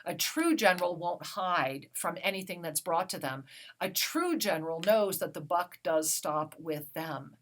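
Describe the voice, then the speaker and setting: A woman hosting a spiritual talk radio show, speaking slowly and soothingly as she offers guidance to listeners. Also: lowish voice, fairly bright tone. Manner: slow, soothing, affirming.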